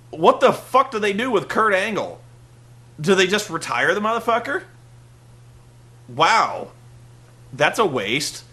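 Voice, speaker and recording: A man's voice: sits high, animated, measured pace, pauses often, pushed and bright. A man hosting a review show, ranting in an exasperated, sarcastic way, swearing often and rambling with restarts and filler words.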